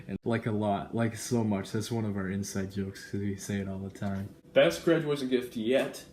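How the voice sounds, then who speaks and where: Young male vlogger, earnest and excitable, lowish voice, echoey room with faint ambience. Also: moderate pace, a little hiss or hum. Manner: earnest and excitable, reads verses aloud. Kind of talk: casual vlog, reading a gift card aloud. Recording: roomy echo with faint ambience.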